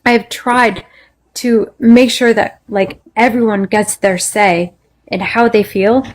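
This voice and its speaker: A woman's voice: fairly high pitch, steady tone, slow. An angry woman in a heated live-stream argument, swearing constantly as she vents. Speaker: panel speaker.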